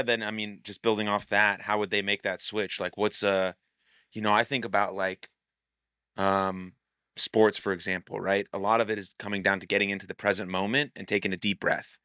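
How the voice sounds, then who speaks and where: A man's voice: fairly low pitch, little pitch movement, moderate pace, sharp tone, clean tone, dry recording, clean studio sound. A man hosting a podcast, casual and thinking aloud, who also coaches players. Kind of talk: podcast interview.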